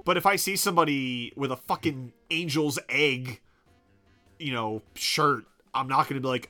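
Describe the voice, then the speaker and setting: A man's voice: mid-range voice, unhurried, sharp tone, faint music behind. A man chatting casually about anime, blunt and profane, trailing off with fillers while he thinks.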